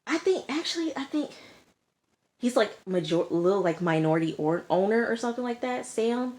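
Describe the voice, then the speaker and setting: A woman's voice: fairly high pitch, expressive, normal speed, a little mellow. A woman reviewing a reality TV show in a casual, emphatic way, often repeating herself and saying "like" and "okay". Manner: emphatic, repetitive, lots of "like" and "okay". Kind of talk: casual recap and commentary. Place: indoors, sirens audible outside.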